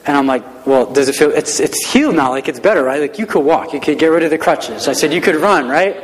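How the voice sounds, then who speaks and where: A man's voice: fairly high pitch, expressive, brisk. A man who works as a schoolteacher, telling a personal testimony in an earnest, self-deprecating, conversational way. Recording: long reverb of a large hall.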